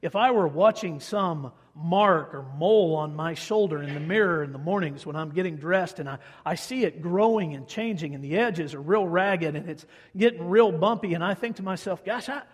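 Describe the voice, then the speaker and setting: A man preaching a sermon, emphatic, swinging between loud declaiming and low quiet asides. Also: normal speed, few pauses, slightly rough. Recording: echoey hall with long reverb.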